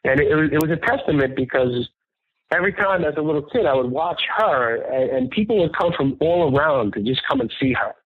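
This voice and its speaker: A man's voice: a little high, expressive, a little fast, husky, no room sound. A man, a restaurant owner telling family stories earnestly and with animation as a radio interview guest. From New York, the Bronx. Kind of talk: casual interview storytelling. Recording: tinny phone-line radio call, dry.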